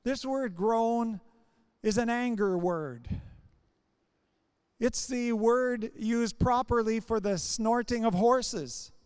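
A man's voice: very high voice, takes it slowly, darkish tone, clean tone, no room sound, clean studio sound. A man preaching a sermon, building his points in short, repeated phrases.

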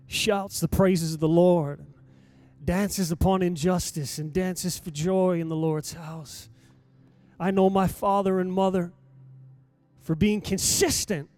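A man, a pastor, preaching a sermon in a church and rising to loud exhortation as he reads scripture. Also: on the high side. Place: church sanctuary.

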